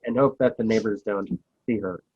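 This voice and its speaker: A man's voice: fairly low pitch, moderate pace, a little mellow, slight background noise. A man hosting a podcast, talking in a hesitant way with many fillers, on a muffled recording. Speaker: host. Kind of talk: casual podcast chat. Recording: dull, muffled line.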